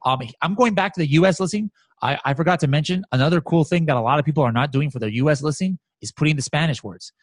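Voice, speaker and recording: American man, upbeat software demo voice, fairly high pitch, no room echo. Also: fast. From United States. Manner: animated, excited, many fillers and restarts. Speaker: guest software expert. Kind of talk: casual screen-share walkthrough.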